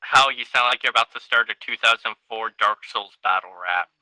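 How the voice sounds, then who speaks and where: A man on game voice chat giving steady tactical callouts with dry jokes. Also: mid-range voice, fairly quick, dry recording, low-quality recording. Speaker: player. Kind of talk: gaming voice chat.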